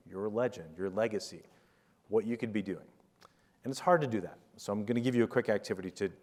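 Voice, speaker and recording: A man giving a motivational conference talk, telling a parable in a jokey, rambling, animated way. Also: sits low, big-room sound. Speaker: conference keynote speaker.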